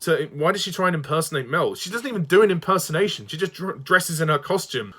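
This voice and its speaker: A man's voice: on the high side, lively intonation, quick pace, fairly bright tone. A man delivering an exasperated ranting review monologue, swearing and sighing often. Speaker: fan reviewer.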